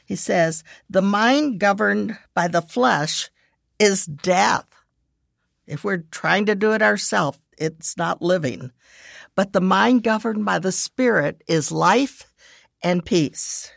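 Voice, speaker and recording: A middle-aged woman giving earnest devotional teaching, reading scripture verses in measured lists. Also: mid-range voice, vocal fry, no room sound, studio quality. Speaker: devotional speaker and parent.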